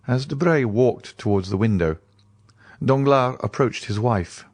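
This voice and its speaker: A man reading a classic novel aloud as an audiobook narrator, measured and expressive. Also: medium pitch, husky, dry recording.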